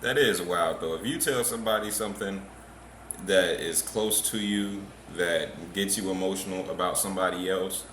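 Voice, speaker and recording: A man's voice: low voice, normal speed, a bit bright. A man hosting a podcast, reacting with laughter and disbelief in casual chat. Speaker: podcast host. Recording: echoey room with faint noise.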